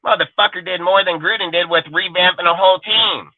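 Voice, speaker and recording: A man's voice: high voice, steady tone, brisk, dry recording. A man in heated sports talk, ranting and cursing as he repeats his points. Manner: profane, ranting, repetitive. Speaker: podcast co-host. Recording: dry, tinny phone-like sound.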